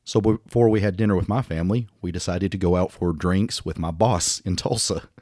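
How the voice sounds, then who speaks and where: Fast-talking deep-voiced Southern man in his fifties. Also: warm tone, no echo, studio quality. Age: 50s. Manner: blunt, swears freely, self-mocking. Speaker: podcast co-host. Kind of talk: casual chat.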